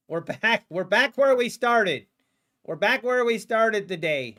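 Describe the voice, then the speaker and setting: A man with a high-pitched voice talks slowly and loosely through a live trading stream. He teases the market in a sarcastic, playful tone and breaks into laughs often. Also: animated, bright, forceful tone. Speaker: day trader streaming live. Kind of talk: casual livestream commentary.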